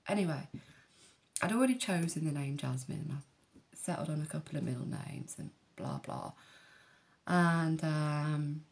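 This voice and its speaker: Blunt gravelly-voiced woman. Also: sits low, big pitch swings, a little slow, pauses often, darkish tone. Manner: candid, blunt, swears freely, rambling asides. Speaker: vlogger. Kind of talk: personal storytelling to camera.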